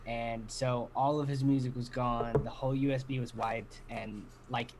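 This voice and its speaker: A man's voice: mid-range voice, steady tone, normal speed. Young man, guest, casual interview chat, laid-back, casual swearing, faint ambient noise.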